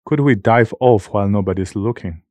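A man's voice: fairly low pitch, fairly quick, mellow, no room sound, natural voice. A man voicing a frightened young boy who whispers anxiously while hiding, in a storybook reading.

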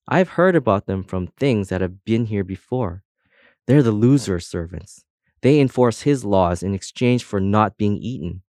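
A brisk, sensible toy pig speaks in a fairly low voice and mutters his advice, as a man reading a storybook puts him on. The sound is dry and close. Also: animated, a little mellow, no room sound.

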